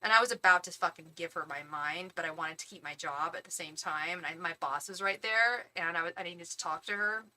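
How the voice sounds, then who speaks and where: A woman with a bright, edgy voice, chatting casually on her stream as she vents about her day. She is animated, jumps into quick impressions of other people and drops the odd swear word. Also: on the low side. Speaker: tarot reader hosting a live stream. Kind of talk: casual storytelling chat.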